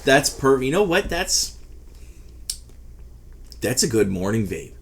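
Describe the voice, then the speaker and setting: A man's voice: medium pitch, sing-song, slow, fairly bright tone, a little hiss or hum. A man giving a rambling, casual product review, swearing freely as he talks. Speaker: e-liquid reviewer.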